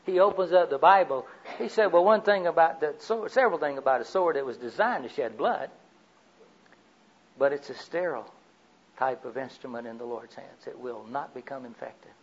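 Older husky-voiced man preaching. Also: medium pitch, moderate pace, muffled recording. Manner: folksy storytelling, swings from loud to quiet. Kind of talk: sermon.

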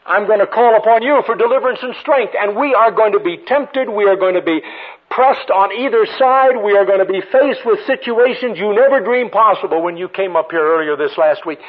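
An older man preaching a sermon with storytelling, moving between ringing emphasis and hushed passages. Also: sits high, normal speed. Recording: tinny phone-like radio broadcast.

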